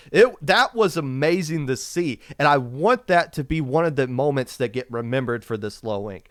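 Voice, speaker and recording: A man hosting a podcast, delivering an emphatic, impassioned rant and repeating his points, his voice going hoarse. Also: medium pitch, dry recording, clean studio sound. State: losing his voice. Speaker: podcast host. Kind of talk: opinionated esports podcast rant.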